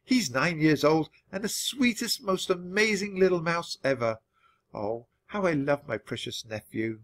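A man reading a children's book aloud for English learners, with expressive, animated storytelling. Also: a little high, a little slow. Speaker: storybook reader.

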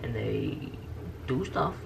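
Gravelly man, distant and echoey. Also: on the low side, expressive, slow pace, noisy background. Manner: short agreeable jokey replies. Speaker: co-host. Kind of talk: casual banter.

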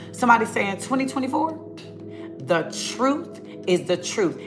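Ministering online, a woman preaches a fiery rant at her viewers, emphatic and scolding, with lots of repetition and casual talk. Her voice is mid-range.

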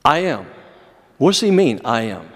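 A man's voice: mid-range voice, very animated. Preaching man in reverberant church. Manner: earnest, measured preaching with dramatic pauses. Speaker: pastor. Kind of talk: sermon. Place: church sanctuary.

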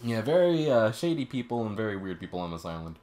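Brief: young guy commenting on a game, low voice, wildly varied pitch, faint game music. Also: big pitch swings, fast. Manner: goofy, jokey, swings between mumbles and loud outbursts. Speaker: game streamer host. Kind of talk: casual let's play commentary.

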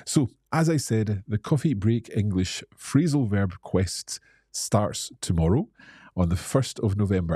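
A man's voice: low-pitched, mellow, breathy edge, no echo, studio quality. A Scottish man hosting a live-stream Q&A as an English teacher, reading out viewer comments and explaining things in a friendly way.

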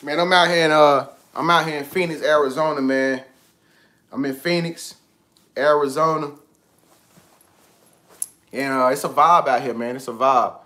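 A man giving casual motivational talk on a livestream, slangy and animated, repeating himself often. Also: on the high side, normal speed, pauses often. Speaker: vlogger. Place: indoors with TV and iPad.

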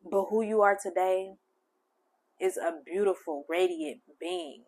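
A woman hosting a spiritual channel, speaking gentle, heartfelt affirmations straight to the listener. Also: on the low side, a little slow, husky. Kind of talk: affirming spiritual message to the viewer.

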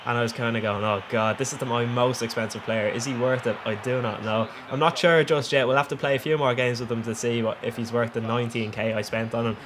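A young man with an Irish accent doing cheeky, excitable voice-over commentary on his own gameplay, laughing often. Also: mid-range voice, quick pace, hardly any pauses, background noise. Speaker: gaming channel host.

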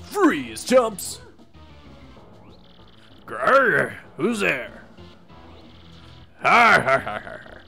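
A man's voice: fairly high pitch, huge pitch swings, extremely slow, gravelly, long pauses, sharp tone, husky, faint music behind, pitched above the performer's own voice, exaggerated voice. A man voicing a boastful hulking male wrestler bird who trash-talks and growls. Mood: cocky. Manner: swaggering trash talk, growls and laughs.

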